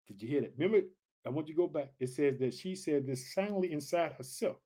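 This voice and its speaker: Fired-up high-voiced man preaching. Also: expressive, fast, warm tone, slightly rough. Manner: fired-up, exclamatory, addresses listeners as family; reads scripture aloud then comments. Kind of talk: energetic Bible study sermon.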